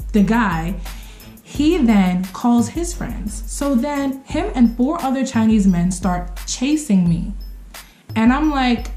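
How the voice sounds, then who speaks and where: A young woman tells a story to her camera in a lively, expressive way, acting out what people said with sudden leaps in pitch. Her voice sits a little high. The room is echoey, with faint music underneath. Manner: expressive, acts out quotes with sudden pitch jumps. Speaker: vlogger telling a story. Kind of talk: animated story time.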